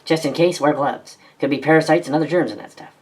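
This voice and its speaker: A woman's voice: deep voice, a little mellow, a little hiss or hum. A woman performing a fan audio drama, playing many parts in a sarcastic, melodramatic way. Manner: quick-switching, sarcastic, melodramatic. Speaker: narrator and voice actor.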